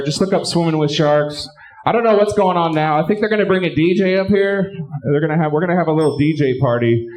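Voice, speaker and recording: A man doing a live stand-up set and hosting, bantering crudely with the crowd and shouting his punchlines. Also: fairly high pitch, a little fast, soft background music. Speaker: stand-up comedian and show host. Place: live comedy club stage.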